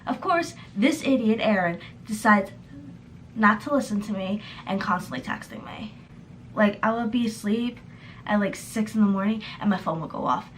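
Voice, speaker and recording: A young woman tells a storytime tale for her vlog, animatedly playing out each quoted line. Her voice sits in a middle pitch for a woman. A faint hiss of background noise stays under her talk throughout. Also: normal speed. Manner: animated retelling, acting out quoted texts. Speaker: vlogger.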